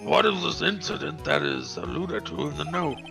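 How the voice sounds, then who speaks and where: A man's voice: fairly high pitch, normal speed. A man voicing a flustered older male judge in a fan reading of a game, speaking in a stammering, exclamatory way. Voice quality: gravelly. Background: game music.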